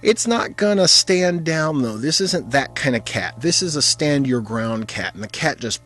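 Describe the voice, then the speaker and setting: A man's voice: medium pitch, lively intonation, moderate pace, fairly bright tone. A man telling a personal story in a wry, conversational manner with vivid detail.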